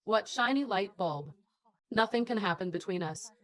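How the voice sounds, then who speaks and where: A woman's voice: medium pitch, normal speed, a bit bright, close to an everyday voice. A woman voicing a shy, guarded young mother in dubbed drama dialogue, talking in a hesitant, reserved way. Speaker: young mother being courted.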